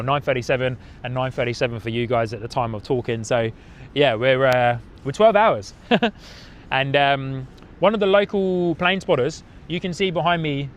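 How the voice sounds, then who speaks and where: An upbeat man with an English accent softened by a New Zealand tinge chats casually to his live-stream viewers. He talks from outdoors in an airport car park, so faint outdoor noise sits behind his mid-pitched voice. He fills his sentences with "uh"s and often starts over. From United Kingdom. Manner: upbeat and chatty, with frequent filler words and restarts. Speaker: plane-spotting livestream host.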